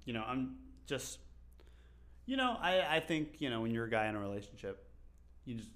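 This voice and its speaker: A man's voice: mid-range voice, expressive, normal speed, a bit bright. A young man co-hosting a podcast, joking around in casual chat, swearing freely and laughing often. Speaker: podcast co-host.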